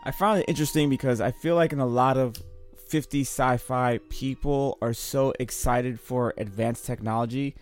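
A man's voice: medium pitch, steady tone, moderate pace, faint music behind. A man co-hosting a podcast, making wry, joking remarks about an old sci-fi episode and laughing along. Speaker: podcast co-host. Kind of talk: casual chat about an old film.

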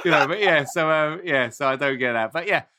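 A man's voice: a little high, a little fast, sharp tone. A man co-hosting a podcast, jokey and swearing freely. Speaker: podcast co-host. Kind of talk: casual podcast chat.

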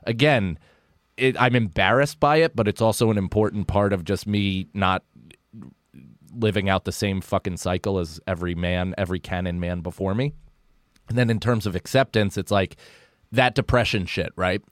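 A man's voice: low-pitched, normal speed, dry recording, studio quality. An American man who is a comedian, talking earnestly and reflectively as a podcast guest, with casual swearing. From United States. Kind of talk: candid podcast interview.

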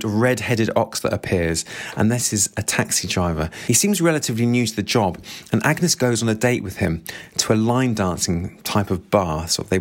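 A man reviewing a book, retelling the plot in a steady, plain way and reading quoted passages. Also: on the low side. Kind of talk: book summary with read-out quotes.

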